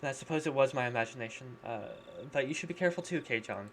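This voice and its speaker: A man softly voicing a worried, polite teenage girl. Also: medium pitch, lively intonation, fast talker, a little hiss or hum, close to an everyday voice. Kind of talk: reading a visual novel aloud.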